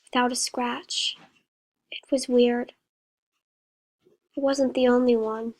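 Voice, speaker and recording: Slow-reading woman storyteller. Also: fairly high pitch, poor audio. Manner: slow and even, with a few slips. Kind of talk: reading a horror story aloud.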